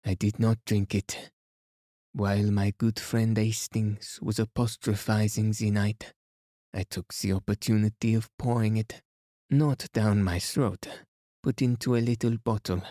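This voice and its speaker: A man reading aloud as a fastidious elderly detective, speaking gently and gravely. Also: on the low side, steady tone, no room sound, clean studio sound, lightly acted. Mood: placid. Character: fastidious elderly male detective, calm and placid.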